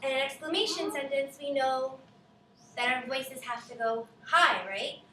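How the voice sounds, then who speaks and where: A woman teaching a class of children, speaking slowly and emphatically and often checking in with "right?". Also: sits high, background noise. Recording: echoey classroom from far off.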